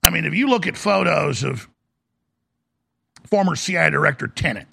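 A man's voice: fairly high pitch, expressive, normal speed, vocal fry, bright, forceful tone, breathy edge. A man hosting a talk show, delivering a sarcastic, combative rant. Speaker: talk radio host. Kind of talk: ranting talk show monologue.

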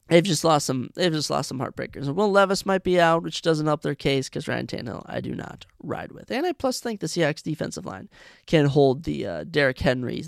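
A gravelly, slightly high-voiced man hosts a casual solo podcast, talking his way through his picks. He thinks aloud, breaks off mid-sentence and corrects himself. The sound is dry and close. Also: no echo. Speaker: podcast host.

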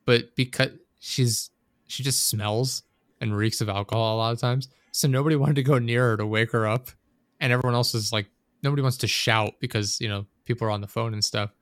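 A man's voice: mid-range voice, fairly even intonation, fairly quick, a bit bright, no echo, studio quality. A man in casual chat, rambling and swearing as he vents about a coworker. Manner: profane, venting, rambling storyteller.

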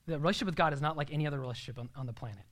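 A man's voice: on the high side, rapid-fire, fairly bright tone. Earnest young man preaching. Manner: earnest, emphatic, drops to a near-whisper at times. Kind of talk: sermon.

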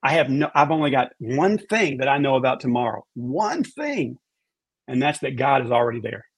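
A man's voice: medium pitch, fast, breathy edge. A man as a podcast guest, giving a heartfelt faith testimony and repeating words for emphasis.

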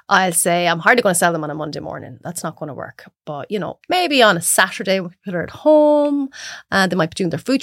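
An Irish woman chatting as a podcast guest, telling lively stories and acting out her own reactions. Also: mid-range voice, no room sound, clean studio sound. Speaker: guest cook. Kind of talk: casual chat.

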